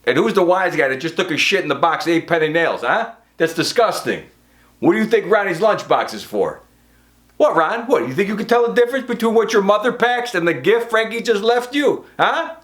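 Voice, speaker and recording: A man's voice: sits high, expressive, brisk, fairly bright tone. A brash, profane man, performing a comic monologue as a construction boss scolding his crew. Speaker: comedian playing a construction boss.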